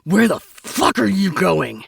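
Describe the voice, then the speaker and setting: Audiobook figure: woman reading as a slurring, threatening drunk man with a gravelly, husky edge. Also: sing-song, takes it slowly, dry recording, clean studio sound, exaggerated voice. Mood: menacing. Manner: slurred, snarling, low. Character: drunk, violent, menacing rich man.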